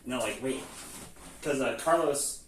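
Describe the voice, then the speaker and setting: This presenter, a man of medium pitch talking at normal speed, recaps a video game storyline in a relaxed, funny lecture, playing out the characters' lines with frequent curses and laughs. It sounds echoey, with the mic distant and faint noise underneath.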